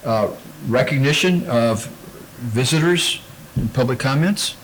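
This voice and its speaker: A man runs a school board meeting in a loose, halting way, with frequent uh's. Faint room ambience sits behind his voice. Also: medium pitch, lively intonation, a little hiss or hum, rough recording. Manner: informal, with hesitant fillers. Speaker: board president chairing a meeting. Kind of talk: chairing a public meeting.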